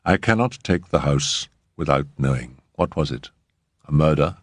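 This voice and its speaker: A man voicing a cool, practical, brusque middle-aged woman, speaking dryly and slowly. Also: extremely low pitch, animated, breathy edge, dry recording, full character voice. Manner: dry, slow, measured. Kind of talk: audiobook character reading.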